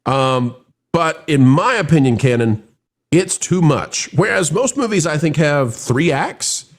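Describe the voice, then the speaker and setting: Animated man hosting a live review. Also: a little high, measured pace. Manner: animated, rambling with frequent restarts. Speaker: live show host reviewing a film.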